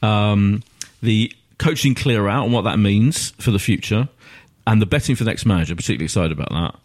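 Male podcast host, quick and chatty, loose rambling delivery. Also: on the low side, animated. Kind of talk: casual podcast chat.

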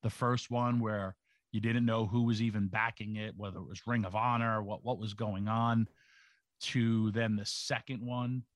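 A man with a fairly low voice rambles through a casual chat, stringing thoughts together with plenty of filler words. The sound is dry and close. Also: steady tone, normal speed, no room sound. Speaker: podcast co-host, wrestler.

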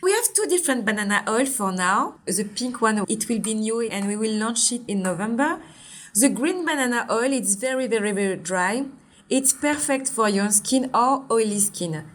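A woman's voice: fairly high pitch, animated, moderate pace, a bit bright. A woman in her forties with a French accent, a brand founder explaining her products in an interview in an earnest, step-by-step way. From Martinique. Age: 40s.

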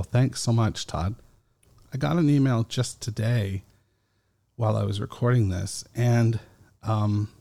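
Man, podcast host, slow halting delivery, gravelly voice, warm dark tone. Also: lowish voice. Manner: slow, halting, many fillers. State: foggy after an edible. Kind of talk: casual solo podcast talk.

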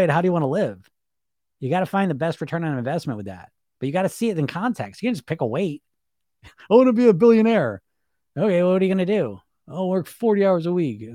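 A man's voice: fairly high pitch, darkish tone, no room sound, clean studio sound. A man hosting a weight loss podcast, talking casually in a frank, rambling, blunt way with lots of filler words. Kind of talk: casual motivational talk.

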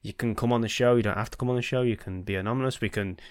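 A man's voice: medium pitch, steady tone, rapid-fire, clean tone, no room sound, clean studio sound. Laid-back man hosting a podcast. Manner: loose, swearing, chatty. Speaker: podcast host. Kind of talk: casual chat.

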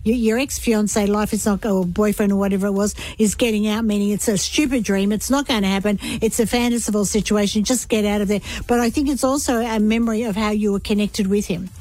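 A woman's voice: medium pitch, steady tone, brisk, few pauses, darkish tone, dry recording. A woman interpreting callers' dreams on a radio call-in show, chatty and reassuring. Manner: chatty, reassuring, laughs often.

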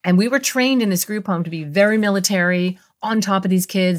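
This woman's medium-pitched voice moves briskly with hardly any pauses. In her fifties and a guest expert on a podcast, she recounts a career story in an interview, earnest and heartfelt throughout.

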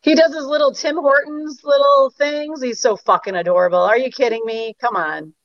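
A woman's voice: high-pitched, normal speed, dry recording. A woman guest on a casual live chat, telling stories with animation and swearing. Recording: dull, dry lo-fi audio.

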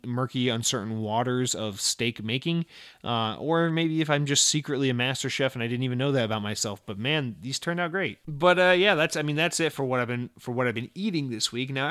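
A young man hosting a casual gaming podcast, chatting in a rambling, excitable way with lots of swearing and restarts. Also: medium pitch, no room sound, clean studio sound. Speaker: podcast host. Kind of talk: casual solo podcast chat.

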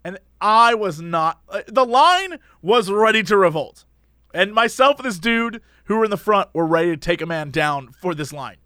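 Male co-host, lively pitch swings, energetic complaining banter. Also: moderate pace, clear, resonant tone, dry recording, studio quality. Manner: animated, ranting complaints. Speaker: podcast co-host. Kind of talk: casual chat.

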